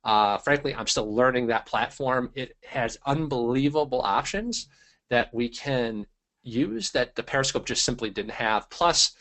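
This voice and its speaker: A man hosting a live online training webinar, energetic and hyped-up, greeting viewers by name and talking with lots of fillers. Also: mid-range voice, unhurried. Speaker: webinar host.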